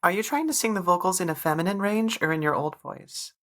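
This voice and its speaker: A woman co-hosting a casual podcast speaks in a low register with a bright, forward tone. She asks curious follow-up questions into a studio microphone. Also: fast. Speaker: podcast co-host.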